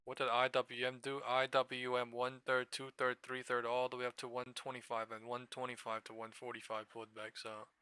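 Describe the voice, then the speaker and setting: An excitable man talks through stock charts on a live trading stream, swearing freely and thinking aloud. His voice is very bright and tense, smooth and crisp. The sound is dry and close, with no room echo. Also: mid-range voice, normal speed, hardly any pauses. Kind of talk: casual live-stream commentary.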